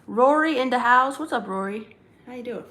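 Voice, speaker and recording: A woman's voice: a little high, moderate pace, sharp tone. Woman, casual live-stream host, rambling, fillers, roomy echo, faint background hiss. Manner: rambling, chatty, many fillers and restarts. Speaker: livestream host.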